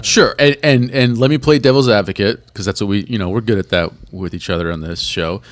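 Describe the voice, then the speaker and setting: A man's voice: on the low side, brisk. A man co-hosting a podcast in casual chat, laughing often and acting out quotes as he retells a story. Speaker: podcast co-host.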